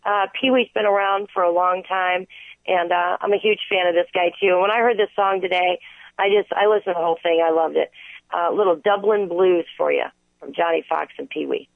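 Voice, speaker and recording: A woman's voice: lowish voice, fairly even intonation, fairly quick, gravelly, no echo. Upbeat woman on a tinny phone line. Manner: enthusiastic, upbeat. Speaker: radio guest on phone. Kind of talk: casual radio chat.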